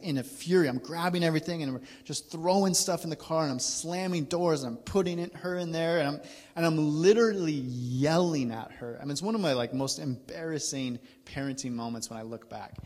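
Candid storytelling preacher in a reverberant hall. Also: male voice, fairly high pitch. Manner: candid, self-deprecating, laughs through the story. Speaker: guest speaker. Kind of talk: storytelling sermon.

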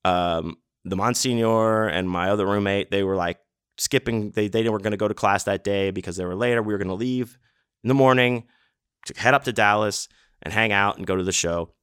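Low-voiced man spinning a loose, profane yarn. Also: brisk, a bit bright, clear, resonant tone, dry recording, studio quality. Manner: rambling, profane, lots of fillers. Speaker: podcast host. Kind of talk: casual storytelling. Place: home setup in a city apartment.

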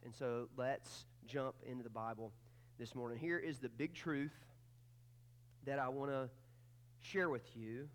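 Folksy pastor telling a story. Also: male voice, medium pitch, normal speed. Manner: casual storytelling, folksy with many fillers. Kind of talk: sermon.

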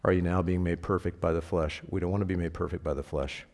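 In a reverberant hall, a man with a low, darkish voice talks fast with little pitch movement. He's a pastor giving a relaxed, conversational sermon, often questioning the congregation and landing key words with emphatic bursts.

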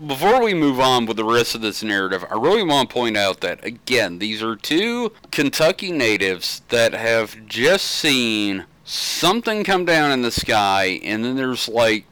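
Podcast co-host, a man with a sharp, bright voice, jokey, dry close mic. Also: medium pitch, unhurried, hardly any pauses, no echo, rough recording. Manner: jokey, animated banter. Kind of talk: casual chat.

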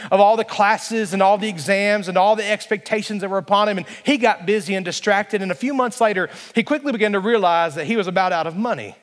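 A man's voice: sits high, big-room sound. A male pastor preaching a sermon emphatically, building to passionate peaks.

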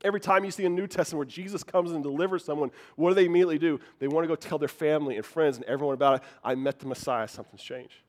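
Pastor, male, earnest conversational sermon, slightly higher voice. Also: very fast, hardly any pauses. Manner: earnest, conversational preaching with frequent restarts.

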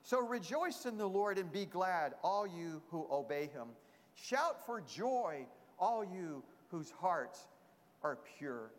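A man preaching a sermon as a pastor, earnest, repeating emphatic phrases. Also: fairly high pitch. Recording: long hall reverb.

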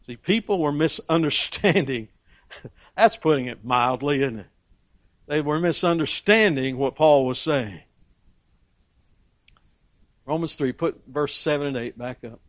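A male preacher with a fairly high voice, delivering a sermon in an emphatic way. He swings from loud peaks down to quiet asides and often restarts his phrases. The sound is dry and close. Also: a little slow, long pauses, no room sound.

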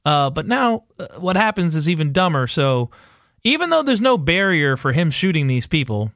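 A man's voice: fairly high pitch, sing-song, moderate pace, fairly bright tone, no room sound, clean studio sound. A man co-hosting a podcast, recapping a TV episode in a loose, rambling way with lots of fillers and swearing. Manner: rambling, profane, full of fillers and quoted asides. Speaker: podcast co-host. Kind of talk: casual TV recap chat.

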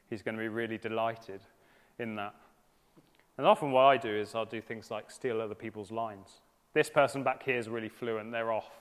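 Man, 30s, preacher, mid-pitched, earnest and casual sermon delivery, long hall reverb. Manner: earnest, conversational, with gentle humour.

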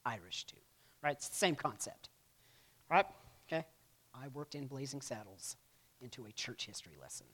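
A man's voice: medium pitch, animated, moderate pace, pauses often, a bit bright, a little hiss or hum. Man lecturing, "right?" after each point. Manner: casual, peppers lines with "right?"; acts out quotes in playful voices. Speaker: church history teacher. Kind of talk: classroom lecture.

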